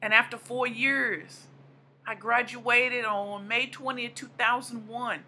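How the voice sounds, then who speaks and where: Emphatic high-voiced motivational woman. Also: fairly even intonation, slow pace, bright, forceful tone. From American South / Midwest. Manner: emphatic, repeating lines for punch. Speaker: motivational speaker. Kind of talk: motivational speech.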